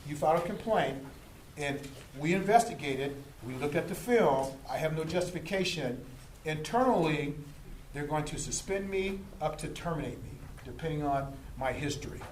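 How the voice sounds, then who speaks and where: A fairly high-voiced man, a police lieutenant, lays out how stops and complaints work, jumping into little acted scenes along the way. His voice rings around an echoey room with a faint hiss underneath. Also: moderate pace. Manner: animated, acts out street scenes. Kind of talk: explaining to a group.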